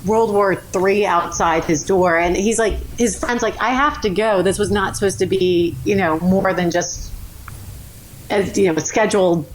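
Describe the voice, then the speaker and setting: A woman guest on a podcast, telling a story in a lively, animated way and acting out the people in it. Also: mid-range voice, normal speed, slight background noise, low-quality recording. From New Orleans. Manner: animated, acts out voices in her stories. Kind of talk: casual storytelling.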